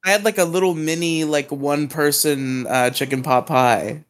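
A man's voice: a little high, normal speed. A man co-hosting a podcast, bantering and joking in casual chat. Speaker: podcast co-host.

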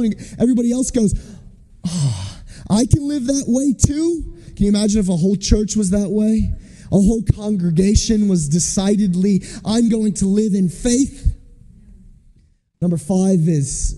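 A man's voice: high-pitched, warm tone. A man preaching a sermon in a conversational storytelling way, acting out the voices of the people he quotes. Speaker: preacher, missionary. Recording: long reverb of a large hall.

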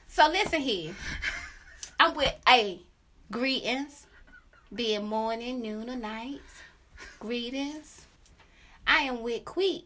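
A young adult woman hosting a podcast, telling a story in casual chat, animated and profane, with sung la la la asides. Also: a little high, slow, pauses often, a little hiss or hum. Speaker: podcast host.

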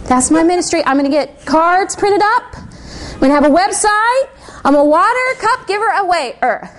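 Woman preaching to a church crowd, high voice, animated storytelling, little room hum behind. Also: moderate pace. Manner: animated storytelling, laughs often. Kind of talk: sermon with personal story. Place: church service with congregation.

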